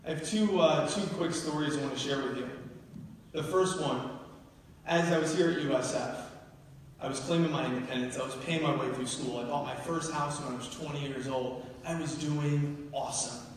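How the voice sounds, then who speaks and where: A man's voice: a little high, moderate pace, slight background noise. A man from New Jersey giving a motivational keynote speech, telling personal stories emphatically to a live audience in a large university hall. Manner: emphatic storytelling, building to urgent peaks. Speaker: keynote speaker. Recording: echoey hall, heard from far off.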